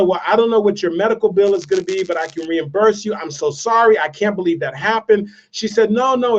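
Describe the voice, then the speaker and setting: A man giving a motivational speech, telling a story with emphatic repetition. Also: high voice. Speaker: motivational speaker. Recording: distant, dull lo-fi sound.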